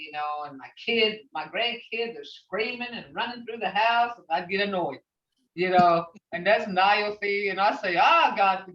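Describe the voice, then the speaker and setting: A woman's voice: mid-range voice, fairly bright tone. Older woman teaching, distant echoey sound. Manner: storytelling with many "you know" fillers. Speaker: language teacher. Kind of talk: teaching a language class. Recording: echoey, distant, dull recording.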